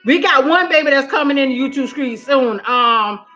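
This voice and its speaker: Her voice is high and her pace moderate as this animated vlogger chats with her live viewers, laughing often and calling them "girl" and "honey." The phone-camera audio has its highs cut off, and faint music plays behind.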